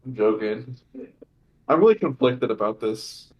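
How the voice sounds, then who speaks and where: A young man co-hosting a casual podcast, blunt and joking with a deadpan delivery. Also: medium pitch, measured pace, dull audio. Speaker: podcast co-host. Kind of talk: casual chat.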